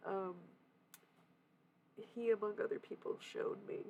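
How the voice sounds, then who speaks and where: A young woman with a low, gravelly voice chats candidly on her live stream, swearing freely and laughing often. There is a faint hiss behind her. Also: moderate pace. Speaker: livestreamer. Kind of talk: casual confessional chat.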